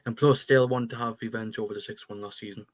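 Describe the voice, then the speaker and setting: A man speaking quietly and plainly as a guest on a casual fan chat. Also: on the low side, steady tone, quick pace, dry recording.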